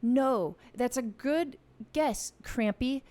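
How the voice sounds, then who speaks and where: A woman's voice: high-pitched, slow, warm tone. Playful, chatty woman hosting a live online game, talking straight to viewers on a studio mic. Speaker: music channel host running a live game. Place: home music room with a piano. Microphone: studio vocal mic.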